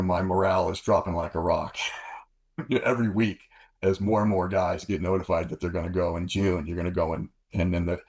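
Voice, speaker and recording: An older man with a deep, husky voice tells stories as an interview guest. He rambles and corrects himself often as he works through each anecdote. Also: a little mellow. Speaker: guest, former fighter pilot. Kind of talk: storytelling interview.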